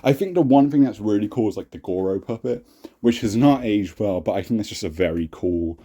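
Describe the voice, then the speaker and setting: A man's voice: lowish voice, lively intonation, a little fast, dark tone, slightly rough. A young British man casually giving his opinions, rambling with frequent restarts and blunt swearing. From Britain. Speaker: YouTube reviewer.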